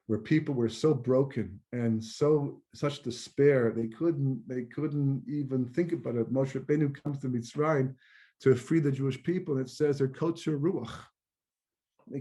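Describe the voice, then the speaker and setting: A man's voice: mid-range voice, warm tone. A man, a rabbi giving a Torah lecture in a conversational way, often repeating words and mixing in Hebrew terms. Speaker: rabbi and teacher.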